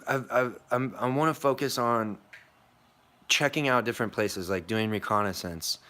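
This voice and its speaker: A man's voice: lowish voice, fairly bright tone. A young American man telling a long story in a casual vlog, rambling and swearing, with many fillers and restarts. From United States. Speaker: vlogger.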